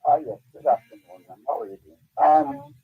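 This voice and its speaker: A man's voice: on the high side, huge pitch swings, a little fast, husky. A man with a Jamaican accent calling a radio show, asking his question politely and hesitantly. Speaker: caller. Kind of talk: phone call to a radio show. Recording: tinny phone line.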